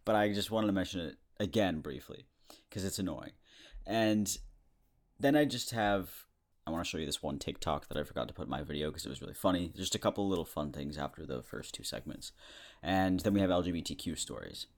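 Low-voiced chatty young man. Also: animated, a little fast. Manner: rambling, chatty, chuckles often. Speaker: podcast host. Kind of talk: casual comedic monologue.

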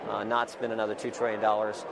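Male speaker, outdoor press remarks: fast, halting, gravelly, traffic noise behind. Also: fairly low pitch, monotone. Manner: quick, halting, with restarts.

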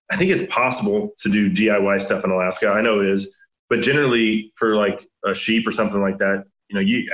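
A man's voice: fairly low pitch, a bit bright. A male podcast guest in casual chat, telling stories in a laid-back, easygoing way. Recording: roomy, dull lo-fi sound.

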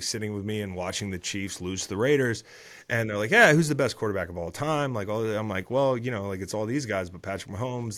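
A man in his thirties, a former football player hosting a podcast, recapping the week's games in casual chat with swearing and rambling asides. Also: on the low side.

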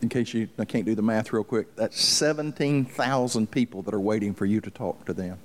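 A male pastor preaching a fervent sermon, repeating himself and building up loud as he tells stories. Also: on the low side, a little fast, a little hiss or hum. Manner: fervent, builds up loud while telling a story; repeats himself and restarts for emphasis.

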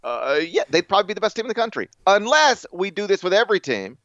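An American man co-hosting a casual sports podcast, joking and laughing as he talks, with lots of quick restarts. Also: high voice, very animated, fairly bright tone, dry recording, dull audio. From United States. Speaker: podcast co-host.

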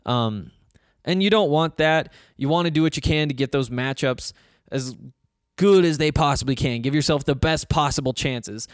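A man's voice: on the high side, normal speed, smooth, no room sound, studio quality. A man hosting a sports podcast, talking through a game in casual, rambling solo commentary and often restarting his sentences.

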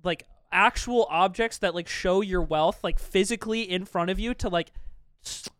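A man with a high, smooth voice talks through a thought in fits and starts, leaning on filler words. He is recorded close and dry, with nothing behind him. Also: moderate pace, a bit bright, no room sound. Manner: hesitant, searching for words with many fillers. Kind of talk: casual chat.

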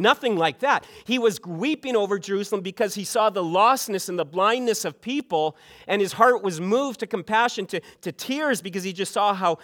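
A middle-aged male pastor from Canada delivers a sermon in a fairly high voice. He is earnest and often repeats his first words before a sentence gets going. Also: fairly bright tone.

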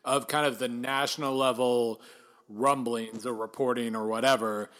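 A man's voice: medium pitch, steady tone, normal speed, fairly bright tone. A man hosting a podcast, asking a guest searching questions with some hesitation. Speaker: podcast host.

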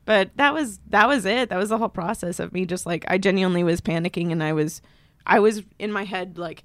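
A woman co-hosting a podcast, telling a story in casual chat and acting out the people she quotes in higher voices. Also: fairly quick, no room sound. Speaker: podcast co-host. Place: podcast studio.

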